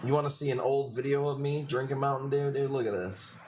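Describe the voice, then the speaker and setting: A man from Chicago with a Chicago accent rambles through a live sales stream. His voice sits at an ordinary middle pitch, and he talks loosely and casually with frequent swearing. A faint hum runs under his voice. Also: fairly even intonation, brisk, darkish tone. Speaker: livestream coral seller. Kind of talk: casual livestream chat.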